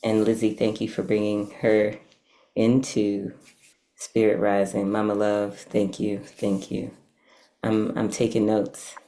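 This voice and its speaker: A woman's voice: rumbling low, level tone, takes it slowly, warm tone. A woman giving heartfelt, emphatic thanks to her mentors, repeating phrases for weight.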